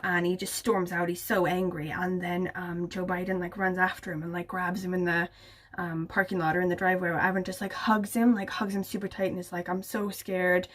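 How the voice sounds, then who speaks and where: A woman's voice: lowish voice, little pitch movement, brisk, fairly bright tone. A young woman chatting casually to camera about books, gushing and full of filler words. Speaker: book vlogger.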